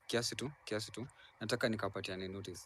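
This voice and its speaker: A man's voice: on the low side, fairly even intonation, quick pace, a bit bright, slight background noise. A Kenyan man hosting a live audio room, giving notice and calling speakers in order, mixing Swahili and English. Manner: directive, calls speakers in turn. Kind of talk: moderating a discussion.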